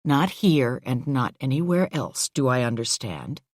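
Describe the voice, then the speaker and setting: A woman narrating a first-person thriller audiobook in an intimate, measured storytelling manner. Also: extremely low pitch, very animated, a little mellow, no room sound, studio quality.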